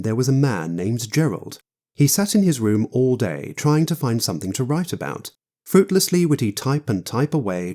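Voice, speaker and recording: A man's voice: lowish voice, a little mellow. A man giving scripted audiobook narration as a wry, theatrical storyteller.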